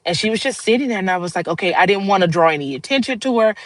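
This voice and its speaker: A woman talks straight to her livestream viewers, earnest and a little rambling, with frequent laughs. Her voice sits at a middling pitch for a woman. The sound is dry and close, with no room echo. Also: lively intonation, racing. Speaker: livestream host. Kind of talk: casual heartfelt monologue.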